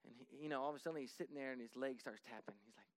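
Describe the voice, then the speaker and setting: A man telling a story in a conversational way, lively and full of restarts and repetitions, often dropping his voice to act out what people said. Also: mid-range voice, rapid-fire, dry recording. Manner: lively, acts out dialogue, drops to a hushed voice for quotes.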